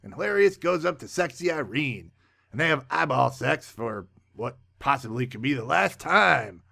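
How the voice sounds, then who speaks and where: Gravelly sarcastic male movie reviewer. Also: a little high. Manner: sarcastic, deadpan asides. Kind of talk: sarcastic comic movie recap.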